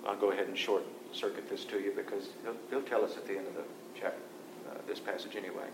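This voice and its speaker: A man's voice: fairly even intonation, fast. A man teaching a Bible study to a group, reading scripture aloud and explaining it in a conversational way. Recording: echoey room with faint low rumble.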